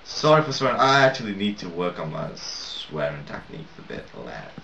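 A man's voice: low-pitched, very animated, brisk, creaky, bright, forceful tone, a little hiss or hum. A man giving casual let's-play commentary while building, rambling, self-mocking and swearing a lot. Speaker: gaming video maker. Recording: roomy, distant, dull, lo-fi mic.

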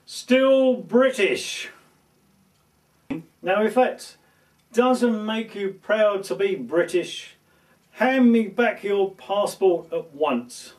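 A man's voice: high voice, slow, a little mellow, far from the mic. A man playing a pompous, nostalgic English lord in a comedy sketch, proclaiming in a lofty voice.

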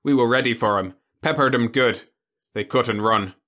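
A man's voice: medium pitch, normal speed, sharp tone, lightly acted. A man voicing a blunt, tough frontier farmer. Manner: blunt, matter-of-fact. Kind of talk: audiobook character voice.

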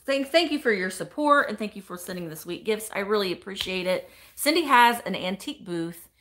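A woman's voice: medium pitch, lively intonation, fairly quick, fairly bright tone. A woman hosting a casual live stream from home, gushing over the items she unboxes and greeting viewers by name. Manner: chatty, gushing, exclamatory, reads viewer comments aloud. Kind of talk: casual live-stream chat, opening mail.

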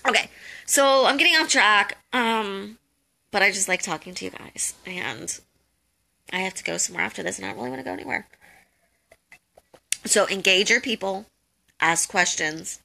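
A woman's voice: medium pitch, lively intonation, normal speed, gravelly, pauses often, pushed and bright. A young woman giving casual advice on a live call, chatty and jokey, full of "um" and "like". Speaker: host of a social media tips call.

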